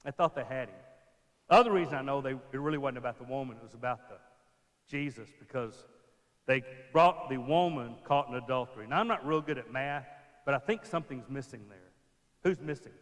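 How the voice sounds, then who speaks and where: A man preaching a sermon in a church, acting out scenes and dropping to a hush for emphasis. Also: mid-range voice, animated, brisk. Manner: acts out scenes, drops to a hushed voice for emphasis. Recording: long church reverb.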